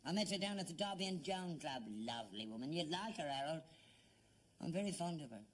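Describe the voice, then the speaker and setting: A man's voice: a little high, expressive, a little fast, a little hiss or hum, close to an everyday voice. A man playing a gullible old father in a sitcom, with an earnest, put-upon manner. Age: older. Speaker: actor in sitcom. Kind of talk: 1970s sitcom acting.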